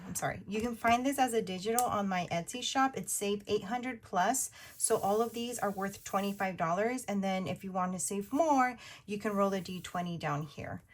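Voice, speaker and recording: Woman, 30s, upbeat rambling vlogger voice, mid pitch, faint background hiss. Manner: chatty, upbeat, rambling with fillers. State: partly whispering. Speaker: budgeting vlogger. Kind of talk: casual chatty narration over cash stuffing.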